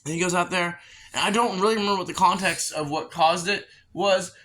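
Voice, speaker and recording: A man's voice: high voice, fairly even intonation, fairly quick, fairly bright tone, poor audio. A young man hosting a podcast, telling a long, profane story in a casual, rambling way. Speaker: podcast host.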